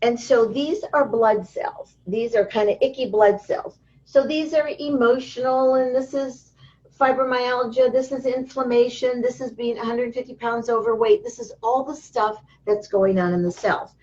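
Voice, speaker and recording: Lively storytelling woman on a dull line. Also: on the high side, moderate pace. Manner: lively storyteller who acts out quoted voices. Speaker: interview guest, healing teacher. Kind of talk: casual interview talk. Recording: dull lo-fi sound.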